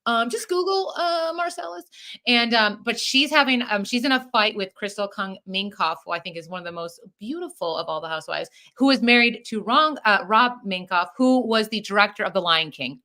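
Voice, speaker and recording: A woman co-hosts a podcast, chatting casually and rambling with plenty of fillers. Her medium-pitched voice is bright and forceful, with lively intonation and a brisk pace.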